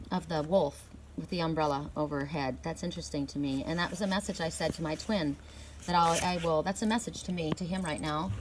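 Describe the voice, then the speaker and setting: A middle-aged woman doing an oracle card reading outdoors in the cold, talking earnestly and emphatically with bursts of excitement. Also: lowish voice, slight background noise.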